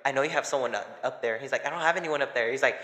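Young man, podcast co-host, animated storyteller, bright tone, reverberant room. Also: mid-range voice, racing. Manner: animated, laughing, acts out quotes. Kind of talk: casual storytelling chat. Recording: echoey room with long reverb.

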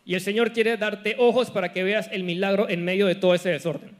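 Male church interpreter, high voice, rattles off each line rapidly. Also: fairly even intonation. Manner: rapid, echoes the preacher's phrasing. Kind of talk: live sermon interpretation.

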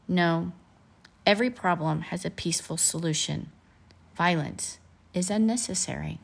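A woman reading aloud as a kind, gentle female robot from a children's storybook, in a calm and earnest voice. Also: fairly low pitch, normal speed, gravelly, breathy edge.

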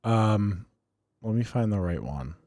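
A man's voice: lowish voice, animated, takes it slowly, darkish tone, no room sound, clean studio sound. A man co-hosting a casual podcast chat, rambling through explanations with lots of fillers. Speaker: podcast co-host.

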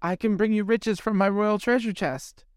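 A man's voice: high-pitched, fairly even intonation, moderate pace, smooth, no echo, studio quality, voice pushed up, lightly acted. A man playing a determined young mermaid. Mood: pleading. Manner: pleading yet resolute.

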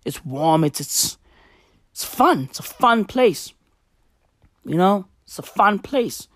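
A woman voicing a laid-back male Jesus in a low, muted, offhand drawl. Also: sing-song, takes it slowly, dry recording, studio quality. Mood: easygoing.

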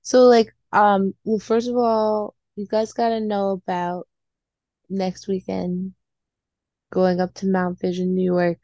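A woman chatting casually on a video call, giggly and animated, swearing freely. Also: medium pitch, takes it slowly, no echo, lo-fi sound. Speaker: guest musician. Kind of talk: casual podcast chat.

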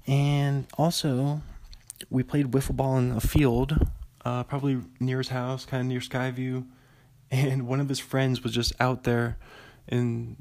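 A young man with a gravelly, fry-laced voice hosts his podcast alone, rambling through stories in an easygoing tone and chuckling often. His pitch sits in a middle range for a man. The sound is dry and close to the microphone. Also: a little mellow, no room sound. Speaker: podcast host. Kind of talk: casual solo monologue.

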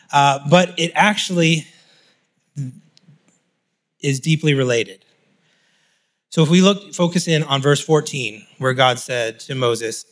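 A man preaching a sermon in a relaxed, explanatory teaching style, reading scripture aloud and unpacking it. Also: mid-range voice. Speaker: pastor.

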